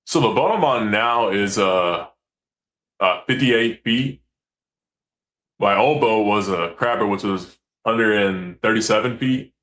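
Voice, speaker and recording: A man, a commercial fisherman, telling stories in a casual, animated way, acting out quotes and swearing freely. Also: on the low side, slow. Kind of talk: casual storytelling.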